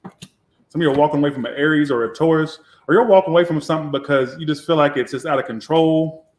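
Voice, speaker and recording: A man's voice: a little high, fast talker. A man giving a casual live tarot reading, talking in a blunt, sassy way with a lot of swearing. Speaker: tarot reader. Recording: echoey room.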